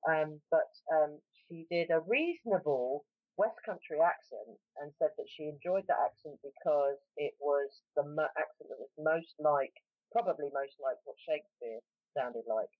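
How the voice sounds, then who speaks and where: Chatty South London woman, low voice. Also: moderate pace, no room sound. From South London, England. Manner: chatty, self-interrupting, says mate a lot. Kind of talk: casual podcast chat. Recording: dry tinny phone-like line.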